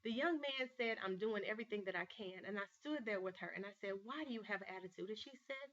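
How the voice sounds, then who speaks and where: A woman with a bright, forceful voice tells a personal story in an earnest vlog monologue, pushing her words hard when she gets stirred. The audio is slightly dull and lo-fi, like a home webcam. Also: mid-range voice, quick pace. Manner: earnest, storytelling, emphatic with rising bursts. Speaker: life coach and show host.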